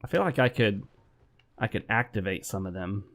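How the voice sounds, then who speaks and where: A man's voice: lowish voice, animated, normal speed, fairly bright tone. A man doing casual let's-play commentary, talking over his game and breaking into frustrated rants. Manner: chatty, easily frustrated rants. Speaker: gaming commentator.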